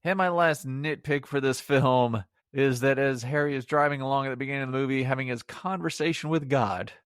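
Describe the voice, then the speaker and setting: A man's voice: mid-range voice, a little fast, clean tone, dry recording, clean studio sound. A middle-aged man giving a casual solo movie review on a podcast, rambling and sarcastic, laughing at his own jokes.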